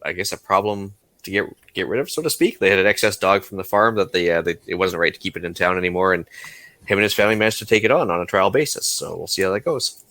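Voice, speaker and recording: An easygoing Canadian man co-hosts a podcast. His tone is bright and forceful, and it is recorded dry and close to the mic. He often laughs between his points. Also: sits low, fast talker, no room sound. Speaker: podcast co-host. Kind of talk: casual podcast chat.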